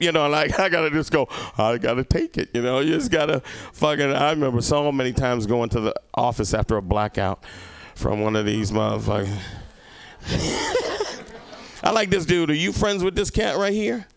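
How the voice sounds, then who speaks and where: Gravelly, animated stand-up comedian man. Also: a little high, normal speed. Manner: profane, rambling, teasing the audience. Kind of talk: stand-up set with crowd work.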